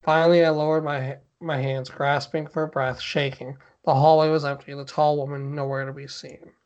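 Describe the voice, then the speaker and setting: A man reads a spooky story aloud for his podcast. His voice sits a little high, and he plays the lines with mock drama, now and then breaking off to chat and laugh. The audio is dull and lo-fi. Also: flat delivery, normal speed, a little mellow. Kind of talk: casual podcast story reading.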